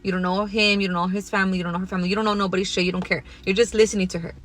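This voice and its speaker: A woman's voice: medium pitch, level tone, very fast, a bit bright. A young woman telling a casual workplace storytime in a blunt, profane, second-person way.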